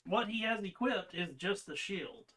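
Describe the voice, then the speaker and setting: A man running a tabletop game as game master, talking through rules and narrating in a relaxed, conversational way. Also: sits high, measured pace.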